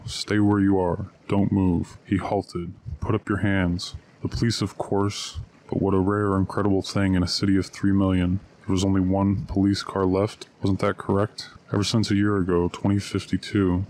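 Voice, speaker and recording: A man reading a story aloud at a steady, measured pace. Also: low-pitched, slight background noise. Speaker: narrator. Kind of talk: audiobook reading.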